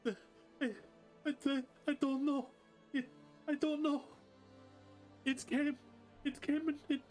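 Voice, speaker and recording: A man voicing a terrified, bloodied teenage boy who sobs and stammers for help, his voice pushed up high. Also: level tone, takes it slowly, faint music behind. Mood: panicked. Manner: sobbing, stammering, pleading.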